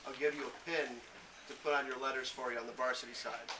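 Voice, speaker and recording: Halting man, heard from far off. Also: mid-range voice, steady tone. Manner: halting, repeats words, many fillers. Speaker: head coach at a team banquet. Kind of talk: awards speech to players and parents. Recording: distant mic with background noise.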